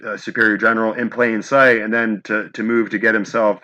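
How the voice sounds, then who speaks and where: A man's voice: fairly low pitch, little pitch movement, a little fast, pushed and bright, low-quality recording. A man hosting an interview, asking long, hesitant, searching questions. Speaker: host. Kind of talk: conversational interview.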